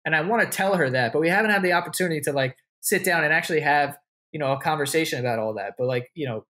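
Quick-paced and sharp in tone, a man with a fairly high voice tells stories as a podcast guest. His casual interview storytelling is loose and rambling, packed with swearing, "likes," and restarts.

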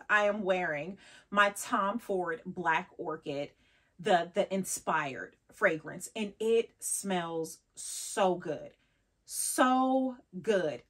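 A woman's voice: mid-range voice, a bit bright. A woman in her thirties chatting casually as a lifestyle vlogger, laughing often and dropping in French phrases. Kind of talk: casual vlog chat.

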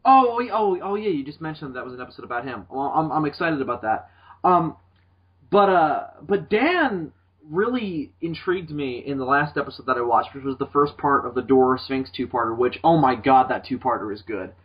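Young man, podcast host, casual rambling chat, swears a lot, husky, muffled lo-fi sound. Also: mid-range voice, fairly quick. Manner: rambling, animated, swears often. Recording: dull lo-fi podcast audio.

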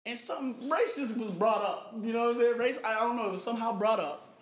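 A young man in his early twenties telling a personal story in casual conversation, animated and acting out what people said, often asking "you know what I'm saying". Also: very high-pitched, fast. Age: young adult, about 21. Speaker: interviewee in a photo project. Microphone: recorded conversation played back in the talk. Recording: echoey room with faint background noise.

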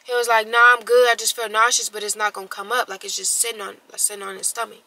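A young woman vlogger telling a story casually, slangy and animated, acting out what others said. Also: medium pitch, fast talker, a little hiss or hum, poor audio. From Texas. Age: young adult. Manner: animated, slangy, acts out quotes.

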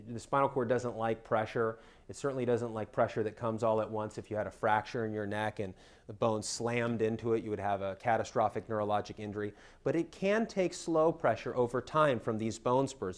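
Man explaining spine health to patients. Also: medium pitch. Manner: explanatory, checks in with "okay?". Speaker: spine surgeon. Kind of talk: educational talk for patients.

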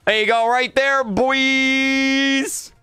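A man's voice: very high voice, steady tone, extremely slow, pushed and bright, smooth, soft background music. A man streaming live and reading his chat aloud. He is exasperated, repeats himself, stammers and breaks into laughs. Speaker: livestreamer. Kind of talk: livestream chat commentary.

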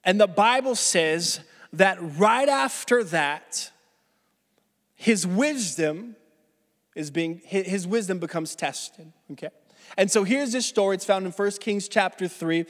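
High-voiced male pastor, loose and animated storyteller, preaching in a reverberant church hall. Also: slow pace. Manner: animated, casual, restarts phrases often. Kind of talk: conversational sermon storytelling. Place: church sanctuary.

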